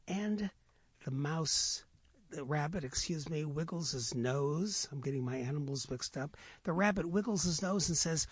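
An older man telling a folk tale as a guest storyteller, playful and animated, acting out the animal voices. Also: fairly high pitch, unhurried, breathy edge, dry recording.

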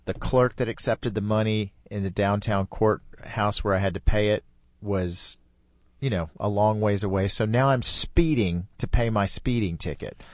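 A middle-aged man with a somewhat low voice, telling a long story in a relaxed and chatty way. He laughs easily as he talks. The sound is dry and close, with no room echo. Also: moderate pace. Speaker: podcast host. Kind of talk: casual storytelling.

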